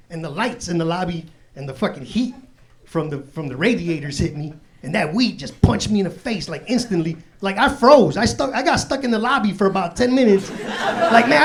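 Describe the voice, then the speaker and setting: A man from doing a stand-up comedy set, telling profane, slangy street stories on a club stage. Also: fairly high pitch. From Chicago, USA. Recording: live comedy club with loud crowd. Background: audience laughing.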